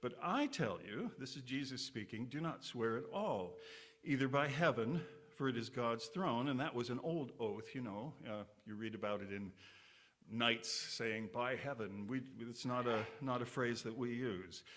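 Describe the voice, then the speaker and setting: A man's voice: mid-range voice, moderate pace, fairly bright tone. A man giving a short sermon to a congregation in a conversational, folksy way, with asides and restarts. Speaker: church speaker. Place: congregation hall.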